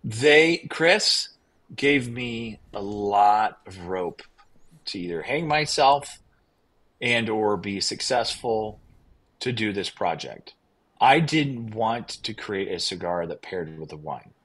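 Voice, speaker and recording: A man's voice: on the low side, takes it slowly, rough recording. A man, a winery owner guest on a podcast, telling his story in a casual, enthusiastic, rambling way. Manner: enthusiastic, rambling, quotes others in lively bursts.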